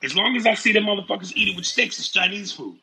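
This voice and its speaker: A man in casual chat, telling stories in an animated, profane way. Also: sits high, fast talker, gravelly, slightly rough, poor audio.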